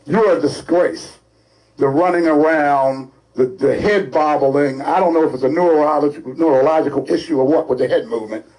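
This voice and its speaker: A male co-host from ranting in an animated, scolding, sarcastic way on a talk show. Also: fairly high pitch, brisk, hardly any pauses, rough recording. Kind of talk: opinionated talk-show rant.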